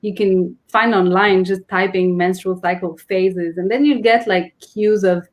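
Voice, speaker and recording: A woman talks earnestly in a casual conversation. She explains slowly, starts sentences over and searches for words. Her voice sits at a medium pitch. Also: steady tone. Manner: earnest, explains with many restarts and fillers. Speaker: guest.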